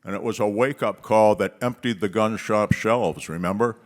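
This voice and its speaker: Low-voiced man giving a forceful conference speech. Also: normal speed. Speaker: conference speaker.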